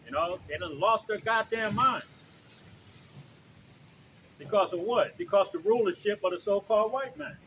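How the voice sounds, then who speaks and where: A man's voice: sits high, moderate pace, pauses often, a bit bright, a little hiss or hum, low-quality recording. A man preaching on the street, blunt and profane, pressing his points with repeated "okay?" and "you know?".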